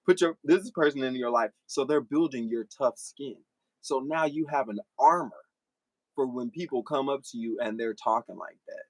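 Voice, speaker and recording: A man's voice: mid-range voice, moderate pace, dry recording. Blunt young man talking back to chat. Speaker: livestreamer. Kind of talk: casual livestream talk to commenters.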